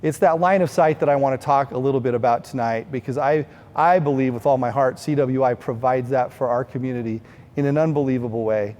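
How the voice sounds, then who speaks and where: Middle-aged man, fundraiser speech, warm mellow voice, earnest storytelling, long reverb. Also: medium pitch, fairly quick. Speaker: speaker at fundraising event.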